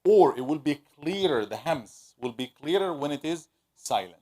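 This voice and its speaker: A man teaching a classroom lesson, asking students questions and slowly repeating sounds to demonstrate pronunciation. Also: on the high side, animated, warm tone. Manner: conversational, asks the class questions. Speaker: Quran recitation teacher.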